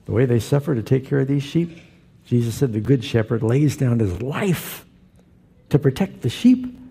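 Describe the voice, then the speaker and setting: A man's voice: mid-range voice, expressive, moderate pace, creaky, warm tone, breathy edge. A male pastor preaching a sermon, telling stories and acting out the quoted voices.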